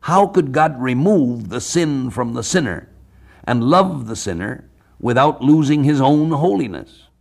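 A man from the United States preaching a sermon on a Bible passage, measured, slowing down to read scripture aloud. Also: medium pitch, sing-song, creaky. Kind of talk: radio sermon, Bible exposition.

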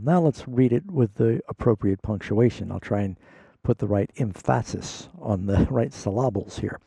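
A man's voice: medium pitch, moderate pace, creaky, mellow, slightly rough, no echo. A man, a pastor hosting a call-in radio Bible program, explaining scripture to callers and reading verses aloud with emphasis.

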